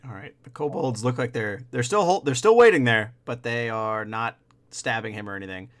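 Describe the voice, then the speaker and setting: A man runs a tabletop game, describing scenes and calling turns in a loose, casual way. His voice is bright and forward. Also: mid-range voice, normal speed. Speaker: game master.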